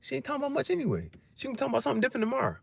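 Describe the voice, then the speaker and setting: A man's voice: extremely high pitch, wildly swooping pitch, racing, vocal fry, breathy edge. A man talking in a loose, rambling chat, laughing often and swearing freely in slangy banter. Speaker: livestream host.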